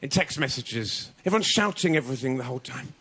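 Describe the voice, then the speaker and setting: A man doing a stand-up comedy set on a TV show, telling observational jokes in an animated way. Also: medium pitch, fast talker, husky. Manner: animated, mock French and mock-suave voices. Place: TV comedy studio stage. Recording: TV studio with loud audience laughter.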